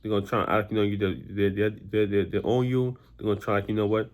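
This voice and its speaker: Vlogger type: a quick-talking man, rambling, blunt, exasperated. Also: on the low side, little pitch movement, darkish tone. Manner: rambling, repeats himself with many "you know"s. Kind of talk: casual monologue.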